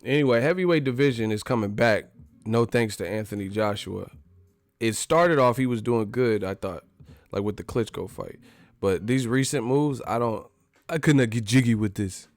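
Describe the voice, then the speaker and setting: A man hosting a live boxing talk stream, riffing in an animated, profane, joking way. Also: medium pitch, normal speed, dry recording. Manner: animated, profane, laughing riffs. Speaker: boxing channel host. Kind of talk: casual live-stream commentary.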